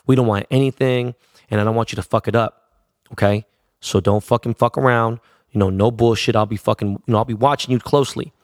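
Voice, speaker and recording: A man's voice: medium pitch, fairly even intonation, dry recording, clean studio sound. A middle-aged man from Los Angeles, a DJ and producer casually telling a story full of cursing and street slang, acting out the voices of the people in it. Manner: profane, streetwise slang, quotes others in quick voices.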